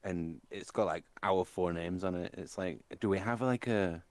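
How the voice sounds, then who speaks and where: A man playing a tabletop game, talking in a soft, laid-back, meandering way. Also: low-pitched, normal speed, no room sound. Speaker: player. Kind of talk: casual tabletop play.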